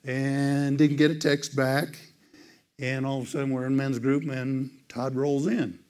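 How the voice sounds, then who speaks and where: Animated storytelling man preaching. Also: a little slow, clean tone. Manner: animated storyteller, leaps into high voices for quoted people; conversational, many "it's like" asides. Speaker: teacher speaking to a church group. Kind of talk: storytelling sermon.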